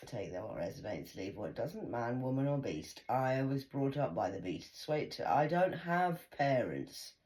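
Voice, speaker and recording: A woman vlogger talks straight to her viewers in a loose, rambling monologue, cursing freely. Her pitch swings widely up and down as she goes, and she smokes while she speaks. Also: very animated, a little slow, few pauses, darkish tone. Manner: swears freely, blunt and rambling.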